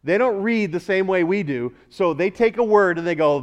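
A man, a pastor, preaching a sermon, rising louder on key words and questioning the congregation. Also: high-pitched, lively intonation, normal speed.

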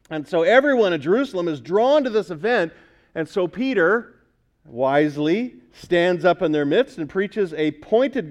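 High-voiced male pastor preaching. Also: muffled recording. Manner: conversational, quizzes the congregation. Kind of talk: sermon.

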